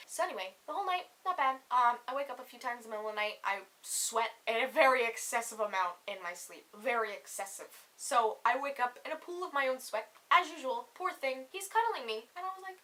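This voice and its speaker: A young woman telling a funny personal story for a comedy vlog, animated and full of swearing, acting out each quote. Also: sits high, a little fast, hardly any pauses. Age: young adult. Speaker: comedy YouTuber. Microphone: camera mic.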